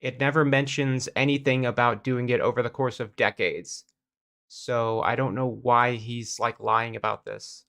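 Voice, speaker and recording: A man's voice: medium pitch, fairly even intonation, moderate pace, creaky, pushed and bright. Exasperated man in casual commentary. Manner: exasperated, conversational. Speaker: host.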